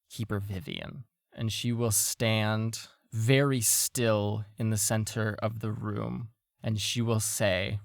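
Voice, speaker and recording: A man narrating as game master of a tabletop role-playing game, relaxed with many fillers. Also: fairly low pitch, creaky, clean tone, no room sound, studio quality.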